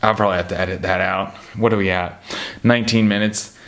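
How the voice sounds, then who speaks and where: A man's voice: on the low side, fast talker. Rambling American man chatting about sports. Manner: rambling and animated, laughs at his own stories. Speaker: basketball commentator. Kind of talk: casual chat.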